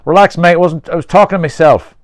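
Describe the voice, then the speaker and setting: A man's voice: on the high side, brisk, dry recording, clean studio sound, pitched above the performer's own voice, natural voice. A man reading the lines of a blunt, swearing Dublin man near fifty in his novel. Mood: defensive. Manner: swearing, brusque.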